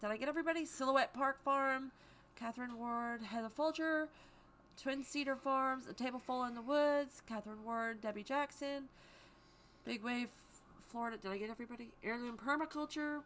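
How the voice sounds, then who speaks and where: Bright-voiced woman hosting a casual livestream. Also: high-pitched, normal speed, a little hiss or hum. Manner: chatty, greets viewers by name. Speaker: livestream host. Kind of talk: casual live-stream chat. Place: home.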